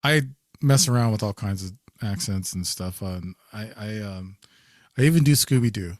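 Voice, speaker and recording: A man's voice: lowish voice, normal speed. A man hosting an interview and giving easygoing, brief replies. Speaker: host. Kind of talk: casual interview.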